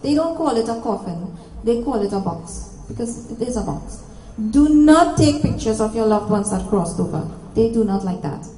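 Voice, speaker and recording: A woman from Trinidad and Tobago with a Trinidadian accent gives a public talk and spirit readings, direct, coaxing, and repetitive. Her voice is fairly high, expressive, and warm, at a moderate pace with few pauses. The hall is echoey, with faint noise.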